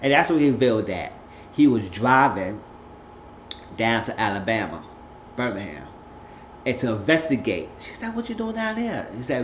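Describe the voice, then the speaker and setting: This vlogger's voice is lowish, with slight background noise on a roomy lo-fi home recording. His recap is casual chat that rambles along, and he keeps breaking into voices for the characters.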